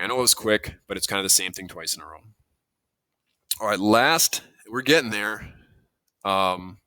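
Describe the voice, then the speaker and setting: A man's voice: on the low side, sharp tone, no echo. A man teaching a math lesson, explaining steps in a conversational way, thinking aloud and correcting himself as he goes. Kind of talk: classroom lesson walkthrough.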